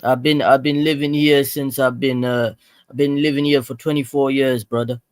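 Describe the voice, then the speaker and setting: Halting British-accented man caller. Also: medium pitch, little pitch movement, clear, resonant tone, no room sound. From Afghanistan. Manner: halting, repeats words, says brother often. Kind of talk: casual livestream chat.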